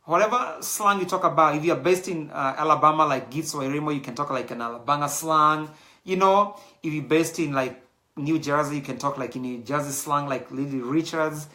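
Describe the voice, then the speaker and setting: A man's voice: a little high, fairly quick, bright, forceful tone. A middle-aged Kenyan man hosting his show, talking in a casual, rambling monologue with Swahili phrases mixed in. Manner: chatty, digressive, mixes in Swahili phrases. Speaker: show host.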